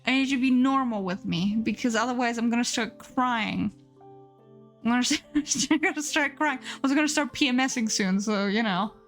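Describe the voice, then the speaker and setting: A woman's voice: fairly high pitch, brisk, soft background music. A woman streamer chatting casually and playfully with her live chat, giggling often and reading messages aloud.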